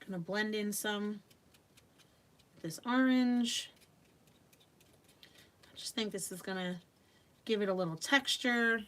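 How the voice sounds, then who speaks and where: A chatty middle-aged woman from Long Island hosts a live crafting demo. Her voice sits at an ordinary middle pitch, and she laughs often as she talks through her work. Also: slow, long pauses, a bit bright. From Long Island, New York. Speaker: host of a live craft stream.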